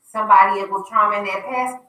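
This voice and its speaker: A woman's voice: mid-range voice, fairly even intonation, brisk, sharp tone, reverberant, far from the mic, rough recording. A woman hosting a casual radio talk show, chatting in a teasing way and promoting an event. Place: radio studio.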